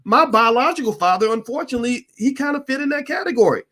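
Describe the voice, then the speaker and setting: A middle-aged man hosting a Q&A stream, telling a story in a blunt, profane, animated way. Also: extremely high pitch, fast talker. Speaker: host of a Q&A stream. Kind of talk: candid storytelling monologue.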